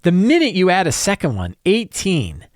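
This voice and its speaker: An enthusiastic man talks through game master advice in a casual tutorial, thinking aloud as he rolls dice. His voice sits fairly high and swings widely in pitch. The sound is close and dry. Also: wildly swooping pitch, moderate pace, dry recording.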